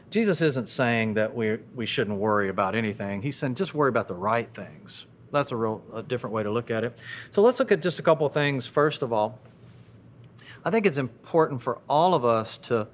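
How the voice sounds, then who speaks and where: A middle-aged man preaching a sermon in a conversational way, often repeating words as he restarts. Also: mid-range voice. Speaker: pastor.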